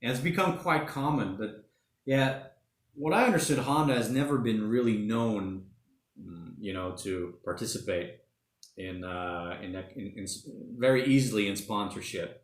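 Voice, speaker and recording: A man's voice: fairly low pitch, normal speed. Laid-back man chatting in an echoey room. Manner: rambling, relaxed, says mate and bloody a lot. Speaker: livestream host. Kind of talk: casual livestream chat reading comments. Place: home during lockdown.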